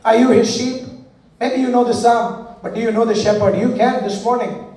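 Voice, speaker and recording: A man's voice: very high voice, steady tone, moderate pace, warm tone. A man preaching a sermon, leading the congregation in call-and-response and telling stories. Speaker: pastor. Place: large church hall. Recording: echoey hall, voice from far off.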